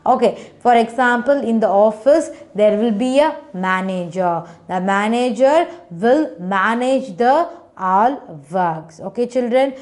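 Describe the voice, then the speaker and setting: A woman's voice: a little high, lively intonation, slow pace, darkish tone. A woman teacher, patiently sounding out words and syllables for children in an online phonics class. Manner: patient, repetitive teacher talk, sounding out letters, frequent "okay".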